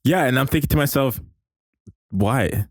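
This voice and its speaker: A man's voice: mid-range voice, dry recording. Easygoing man hosting a casual podcast, curious questions, dry close sound. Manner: asks questions, relaxed, quick to react.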